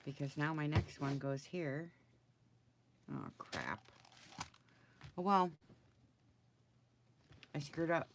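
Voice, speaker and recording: A woman's voice: sits low, sing-song, measured pace, background noise. A woman crafter talking casually through her project, muttering to herself and getting flustered. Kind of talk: casual crafting video talk.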